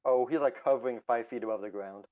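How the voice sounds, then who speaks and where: A man's voice: medium pitch, fast, lo-fi sound. A man narrating as game master of a tabletop role-playing game, playful and laughing often.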